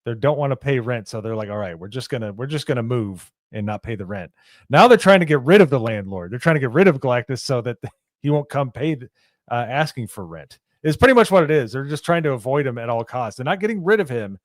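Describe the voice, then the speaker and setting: A man's voice: mid-range voice, sing-song, fast talker, no room sound, studio quality. A man co-hosting a casual movie review, adding joking, sarcastic asides.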